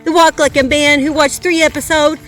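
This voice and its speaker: A woman voicing a hushed, mock-serious nature documentary narrator, teasing in a dry, solemn tone. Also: high voice, level tone, normal speed, faint music behind, voice pushed up, poor audio. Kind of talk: parody of wildlife documentary narration.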